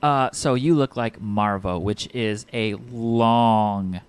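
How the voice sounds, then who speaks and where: A man's voice: lowish voice, slow pace, clear, resonant tone. A man running a tabletop game as game master, describing scenes in an easygoing way with filler words.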